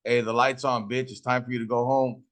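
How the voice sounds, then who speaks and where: A man's voice: mid-range voice, level tone, fairly quick, fairly bright tone, natural voice. A man voicing a hot-headed boy bully who mocks and taunts another kid. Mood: taunting. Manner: mocking, taunting.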